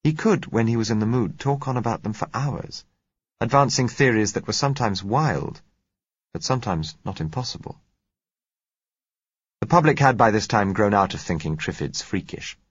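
A man narrating an audiobook in a measured, reflective way. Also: fairly low pitch, breathy edge, no echo. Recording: muffled lo-fi recording.

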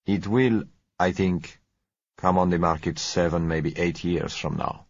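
Polite smooth oil dealer read by a man, unhurried, husky, low, storybook reading. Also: steady tone, dry recording, dull audio, exaggerated voice. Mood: smooth, courteous. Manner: gentle, unhurried and courteous.

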